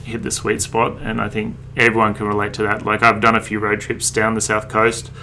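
An Australian man in his thirties talks through an interview in a relaxed, rambling way, swearing freely. His voice sits on the low side with a bright, forceful edge. The chat is loose and unhurried. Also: vocal fry, a little hiss or hum. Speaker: street artist, interview guest.

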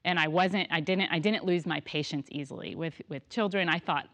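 A chatty woman in her thirties with a lowish voice, telling stories in a relaxed conversation. She laughs often and gets animated as she talks. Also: fairly quick. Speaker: guest. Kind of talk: casual conversation.

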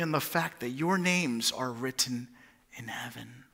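A man, a pastor, preaching a sermon, swinging from hushed near-whispers to loud emphatic lines. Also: mid-range voice, measured pace, creaky.

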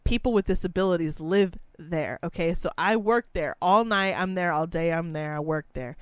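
A young woman telling a story in a casual chat, with a blunt, profane and animated way of talking. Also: on the low side, moderate pace, smooth, dry recording.

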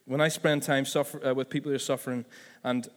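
A man's voice: mid-range voice, level tone, fast talker, big-room sound. A man preaching a sermon as pastor, conversational and full of asides and self-corrections.

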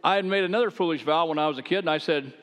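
A man preaching, telling his own testimony in a folksy, animated, conversational way with self-deprecating humor. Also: fairly high pitch, rapid-fire. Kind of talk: folksy storytelling sermon. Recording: long hall reverb.

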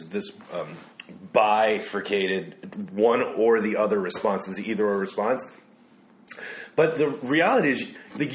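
Male podcast co-host, lowish voice, thoughtful and easygoing, roomy echo. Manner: reflective, reads quotes aloud, laughs easily. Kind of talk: casual conversational discussion.

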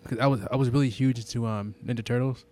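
A man chatting casually, mostly giving short relaxed replies and telling a childhood story. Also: mid-range voice, fast talker. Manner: laid-back, short agreeing replies. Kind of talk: casual chat.

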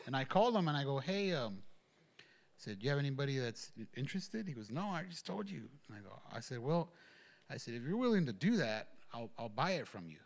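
A man telling a personal testimony at a church gathering, rambling, with many fillers and restarts. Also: medium pitch. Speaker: church member giving a testimony. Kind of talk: casual spoken testimony.

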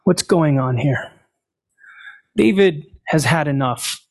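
A man's voice: a little high, lively intonation, slow pace. A man preaching a sermon, retelling a scripture story and explaining it, asking and answering his own questions. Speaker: pastor.

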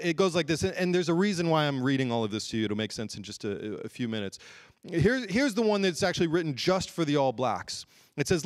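A man preaching a sermon, telling stories animatedly, with frequent restarts and sudden bursts of shouting. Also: a little high. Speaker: pastor.

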